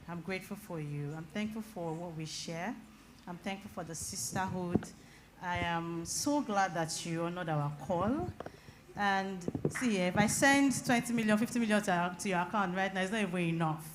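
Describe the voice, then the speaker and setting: A woman who leads a community, presenting a gift on stage with animated call-and-response to the audience. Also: on the low side, normal speed. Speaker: community convener. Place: conference hall with a live audience. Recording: noisy live hall audio.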